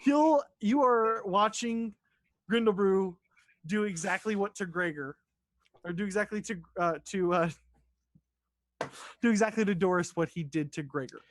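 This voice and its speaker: A man's voice: high voice, normal speed, pauses often, no echo. A man runs a tabletop game as its dungeon master. He narrates loosely, restarting sentences and swearing now and then. The recording is close and dry.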